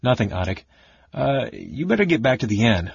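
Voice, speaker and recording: A man voicing a fiery, sharp-tongued young woman in a raised, clipped voice. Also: medium pitch, sing-song, normal speed, creaky, slightly rough, dry recording, full character voice. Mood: flustered. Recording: dull lo-fi audiobook recording.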